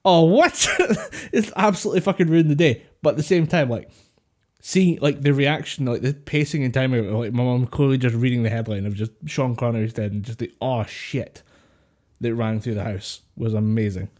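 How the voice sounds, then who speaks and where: A man's voice: medium pitch, quick pace, darkish tone. A man co-hosting a podcast over a voice call, rambling, laughing often and swearing casually. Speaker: podcast co-host. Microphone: voice call headset or desk mic.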